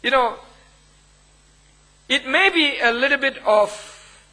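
A man, preaching a sermon as pastor, with emphatic phrasing and long pauses between phrases. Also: very high voice, expressive, bright, forceful tone, low-quality recording.

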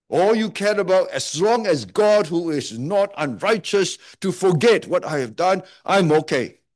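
Male pastor, higher-pitched, dry close sound, conversational sermon full of rhetorical questions. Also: no echo. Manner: asks listeners many rhetorical questions; half-joking, conversational preaching.

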